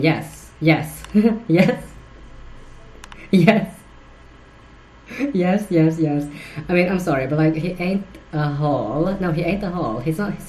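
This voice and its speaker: A woman's voice: low voice, mellow, poor audio. A woman hosting a solo commentary podcast, crude and giggly, rambling with lots of fillers and restarts. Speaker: podcast host.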